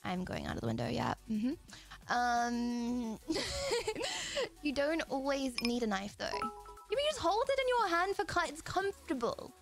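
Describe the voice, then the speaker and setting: A woman's voice: high voice, sing-song, unhurried, gravelly. A young woman in her twenties with an English accent, a streamer rambling and giggling as she chats casually with viewers. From England. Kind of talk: casual live-stream chat. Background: quiet music.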